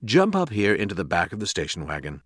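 A man's voice: sits low, huge pitch swings, fast, fairly bright tone, husky, dry recording, clean studio sound, full character voice. A man voicing a cheerful family father in a storybook reading, upbeat and coaxing.

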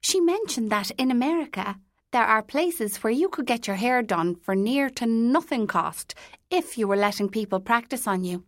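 A woman voicing an eager, anxious middle-aged woman customer who hunts for bargains and turns shrill when excited. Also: normal speed, no echo, clean studio sound.

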